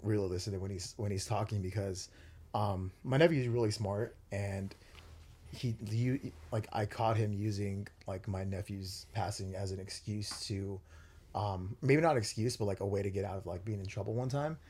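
Podcast host, young man, low husky voice, earnest rambling delivery. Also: fairly even intonation, normal speed, a little mellow. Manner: earnest, rambling, many fillers. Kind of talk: casual chat.

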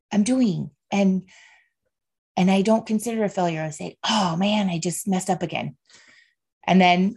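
A woman's voice: mid-range voice, vocal fry, darkish tone. A woman in her thirties hosting a casual solo podcast, earnest and heartfelt, speaking openly about faith and feelings and often checking in with "right?" and "okay". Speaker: podcast host.

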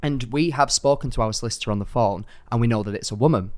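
A man's voice: mid-range voice, fast, dry recording, clean studio sound. A young man, co-hosting a casual podcast and telling stories animatedly with plenty of swearing. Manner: animated storyteller, swears freely. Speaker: podcast co-host.

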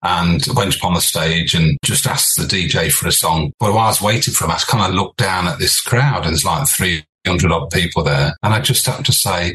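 Low-voiced English man in his sixties. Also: lively intonation, fairly quick, hardly any pauses, bright, forceful tone, low-quality recording. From England. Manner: chatty, acts out old dialogue. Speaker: guest musician. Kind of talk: casual storytelling chat.

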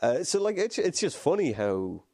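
A man in casual podcast chat, rambling with quick asides and restarts. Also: fairly high pitch, big pitch swings, mellow, no room sound, clean studio sound.

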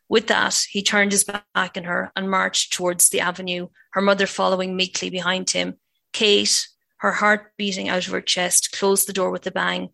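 A woman author reading from her own novel in a measured, steady way. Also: medium pitch, creaky, no echo.

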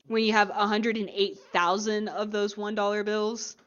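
A woman co-hosting a podcast, chatting casually as she retells a TV episode with lively acted-out quotes. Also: medium pitch, moderate pace, lo-fi sound. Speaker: podcast co-host. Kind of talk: casual chat recapping a TV episode.

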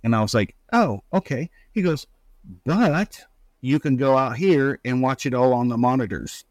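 A middle-aged man casually telling a story about his son, acting out the quotes with big pitch jumps. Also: lively intonation, moderate pace, darkish tone, dry recording.

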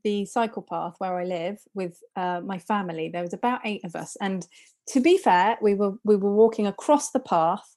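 A woman's voice: mid-range voice, normal speed. A woman co-hosting a casual chat podcast, telling stories with lots of animation and laughter. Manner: animated storytelling, laughs often. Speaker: podcast co-host.

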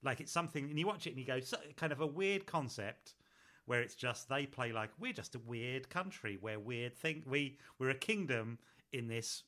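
A man chatting as a podcast co-host, with a bright, sharp tone and a mid-range pitch. He talks enthusiastically, tossing in quick asides. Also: animated. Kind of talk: casual chat.

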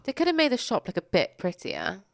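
A young woman co-hosting a casual podcast chat, quick and teasing. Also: medium pitch, wildly swooping pitch, gravelly, no room sound, studio quality. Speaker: podcast co-host.

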